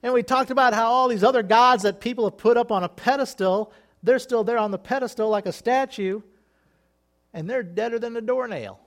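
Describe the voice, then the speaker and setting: A middle-aged man preaching an informal sermon in a folksy, animated way, often laughing and acting out voices. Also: very high-pitched, fairly quick.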